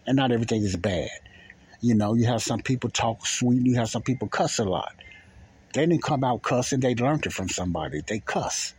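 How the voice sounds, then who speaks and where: Male podcast host, husky, mid-range voice, rambling folksy monologue. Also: medium pitch, lively intonation, fairly quick, a little mellow. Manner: rambling, repeats phrases, folksy plain talk. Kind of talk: casual spoken monologue.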